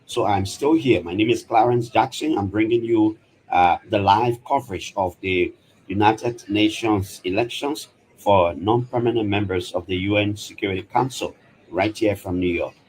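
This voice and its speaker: A middle-aged man giving live radio commentary from a media gallery high above a large assembly hall, keeping his voice low at times and speaking up at others. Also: moderate pace. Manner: hushed at first, later louder and animated. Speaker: radio reporter.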